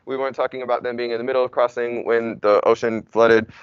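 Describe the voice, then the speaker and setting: A man's voice: mid-range voice, little pitch movement, quick pace, clear, resonant tone, no room sound, muffled recording. A young man, a native English speaker, teaching Spanish in a casual, chatty classroom lecture full of "like" and "y'all". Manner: chatty, informal, uses y'all and like.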